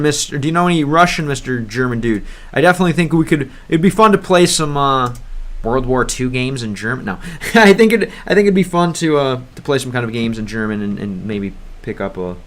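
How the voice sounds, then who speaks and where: An American man hosting a casual gaming livestream, with a voice of ordinary middle pitch. He rambles and hesitates between thoughts, stopping to sound out unfamiliar foreign words. His talk is loose and unscripted. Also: fairly bright tone. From United States. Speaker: streamer. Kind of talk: livestream gameplay chat.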